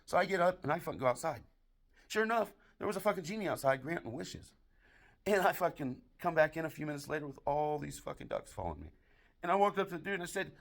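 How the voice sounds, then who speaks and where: With a higher-leaning voice, quick pace, and some vocal fry, an American man rolls out a swear-laden monologue of dirty jokes. He plays it deadpan, like a joke teller holding court at a bar.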